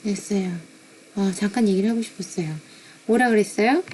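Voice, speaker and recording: A woman lecturer making brief remarks while pausing a video in an online class. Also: medium pitch, a little mellow, a little hiss or hum.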